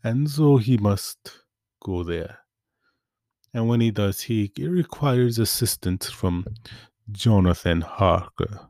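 Slow theatrical vampire count, as a guy with a deep voice puts on the accent. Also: lively intonation, darkish tone, no room sound, clean studio sound.

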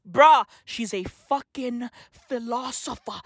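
A South African man giving an excited, swearing reaction commentary, breaking into shouts. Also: extremely high pitch, unhurried, few pauses, no echo, clean studio sound. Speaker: reaction video host.

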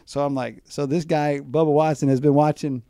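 A man's voice: a little high, moderate pace, clear, resonant tone, no room sound, studio quality. A middle-aged man, a baseball mascot performer, telling stories in an interview and acting out the voices of the people in them. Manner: animated storyteller who acts out quoted voices. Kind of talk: storytelling interview chat.

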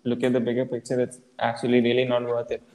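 A man's voice: mid-range voice, completely flat delivery, fast, darkish tone. A man of about twenty hosting a podcast, talking casually and rambling with lots of fillers. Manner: laid-back, rambling with many fillers. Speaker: podcast host. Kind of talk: casual chat. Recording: echoey room with long reverb.

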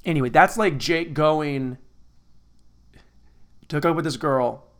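A man hosting a podcast in a casual comedic rant, rambling, crude and self-mocking, swinging between loud bursts and low mutters. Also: slow.

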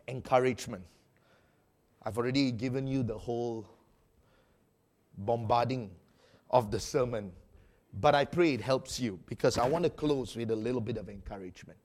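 A male pastor preaching a sermon in an animated way, acting out quotes with sudden loud outbursts. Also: mid-range voice.

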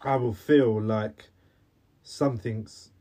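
A man's voice: mid-range voice, steady tone, slow pace, mellow. A man, co-hosting a podcast in casual chat, talking earnestly with many restarts and a slight cough. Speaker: podcast co-host.

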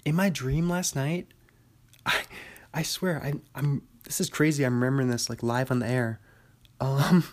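A young man hosting a casual solo podcast, rambling with lots of fillers and frequent laughs. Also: on the high side. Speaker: podcast host.

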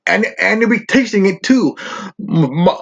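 This channel host delivers a ranting vlog, swearing as he rambles and stammers along. He speaks in a high, animated voice with vocal fry, a little slowly, and the recording sounds dull and lo-fi.

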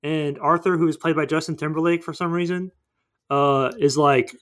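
A man rambles through a movie plot in casual podcast chat, slipping in quick character voices. His voice sits a little on the high side for a man. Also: steady tone, a bit bright. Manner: rambling storytelling, acting out characters. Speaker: podcast co-host.

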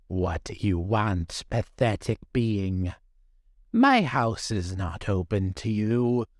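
A man's voice: on the low side, slow, dry recording, studio quality. A man voicing a cruel old female sea witch, scornful and menacing in her speech.

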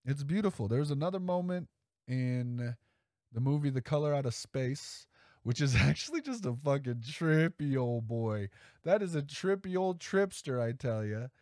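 Animated, swearing podcast guy. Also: mid-range voice, moderate pace, dry recording, studio quality. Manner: rambling, profane and enthusiastic. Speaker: podcast host. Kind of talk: casual solo podcast chat.

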